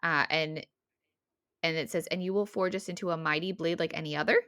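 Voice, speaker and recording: A lower-voiced woman co-hosts a casual book podcast, retelling scenes with animated bursts and quick character lines. The sound is dry and close, with no room behind her. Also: dry recording. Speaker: podcast co-host.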